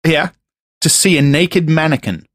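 A man's voice: fairly high pitch, moderate pace, a bit bright, no echo, clean studio sound. Laughing, joking male podcast host. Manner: laughs often, loose and jokey. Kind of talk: casual chat.

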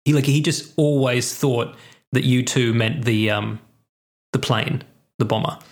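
A man in loose podcast banter who keeps raising new topics with questions. His voice sits at a middling pitch, and he breaks into laughter often as he tells a story. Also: measured pace. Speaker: podcast co-host. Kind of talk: casual chat.

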